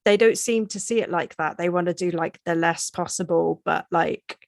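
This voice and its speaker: Creaky-voiced woman from Lincolnshire. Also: on the low side, moderate pace, dry recording, clean studio sound. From Lincolnshire, England. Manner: hesitant, many fillers, laughs often. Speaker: guest film writer. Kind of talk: casual film discussion.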